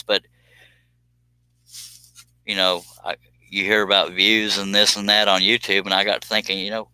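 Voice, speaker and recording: A man's voice: fairly low pitch, bright, forceful tone, slight background noise, rough recording. A man hosting a casual live stream, chatting in a folksy, joking way while he cuts on a scroll saw in his workshop. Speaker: livestream host.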